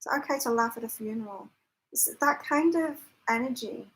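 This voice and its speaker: A woman's voice: fairly high pitch, animated, brisk, fairly bright tone, rough recording. Chatty woman hosting a psychic livestream. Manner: chatty, laughs often, reads out viewer comments. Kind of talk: casual live chat with viewers. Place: temporary lodging, staying away from home.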